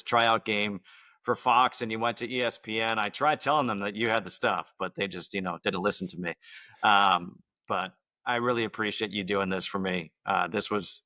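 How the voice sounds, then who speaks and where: A male podcast host wraps up with easy, friendly praise for his guest. His voice is low but bright and forward. The sound is dry and close. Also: dry recording. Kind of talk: casual podcast chat.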